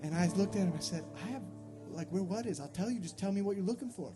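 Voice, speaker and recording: A man with a high voice spins a loose, cursing, self-deprecating story on a small stage. Guitar sounds ring out clearly behind him, and his telling drifts along with many asides. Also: fast talker. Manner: rambling, profane, self-mocking storytelling. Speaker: singer-songwriter. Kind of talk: live storytelling between songs. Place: live venue with audience. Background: guitar playing.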